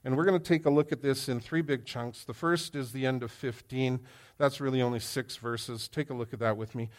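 A man preaching to a congregation in an animated, storytelling way. His pitch sits in an ordinary middle range, but he pushes it up and down for effect and keeps throwing questions out to the room. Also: a little fast. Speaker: pastor. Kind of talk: sermon. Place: church hall with live audience.

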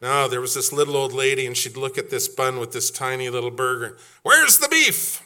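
A man's voice: medium pitch, level tone, a little fast, bright, forceful tone. A middle-aged man preaching a sermon as pastor, quizzing his congregation and acting out quoted voices. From Canada.

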